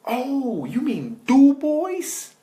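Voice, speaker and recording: An English man voicing friendly local American bikers in a loud, high, drawling put-on voice. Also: wildly swooping pitch, extremely slow, heavily acted.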